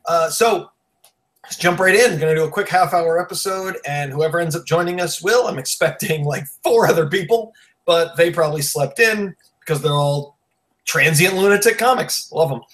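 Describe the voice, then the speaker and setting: Jittery high-voiced male podcast host. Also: fairly bright tone. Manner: jittery, rushed, rambling; profane, blunt. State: wired on coffee. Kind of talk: casual podcast chat.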